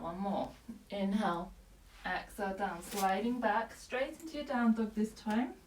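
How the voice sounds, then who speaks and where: A woman yoga teacher guiding a class with calm, breath-paced cues and short commands, slightly out of breath. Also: mid-range voice. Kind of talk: guided yoga class instruction. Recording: echoey room, voice from a distance.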